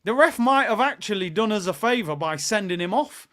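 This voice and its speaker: A young man hosting a live football watchalong, chatty and excitable, bursting into shouts at big moments. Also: high-pitched, fairly quick.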